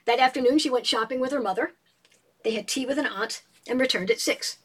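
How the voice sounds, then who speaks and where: A woman in a casual book discussion, retelling a novel as an animated storyteller and reading passages aloud. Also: high voice, brisk, husky.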